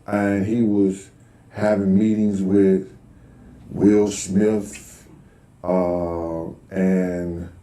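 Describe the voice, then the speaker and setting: A middle-aged man tells a long personal anecdote in a loose, rambling way, sprinkling in plenty of "you know" and "um." When he acts out what other people said, his voice gets loud and high. The recording has a roomy echo.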